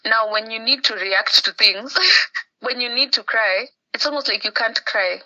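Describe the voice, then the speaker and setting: Speaking as a podcast guest in a casual phone chat, a Kenyan woman tells a lively story, acting out the people she quotes as Swahili words creep in. Her very bright, sharp voice sits a little high, her pace is a little slow, and the call audio sounds slightly muffled.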